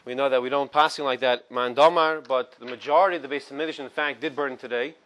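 A man's voice: mid-range voice, steady tone, fast, fairly bright tone. A man teaches a small morning Torah class. He reads Hebrew and Aramaic phrases from the text, translates each one, and adds casual, conversational asides. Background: small study group in the room.

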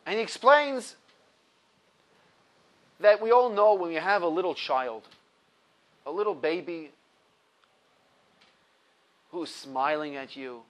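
A man's voice: high-pitched, slow pace, pauses often, fairly bright tone, rough recording. A man in his thirties teaching a Torah lesson, building up points with emphasis and laughing at his own stories. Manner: storytelling with rising emphasis. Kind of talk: explaining a religious text to a class.

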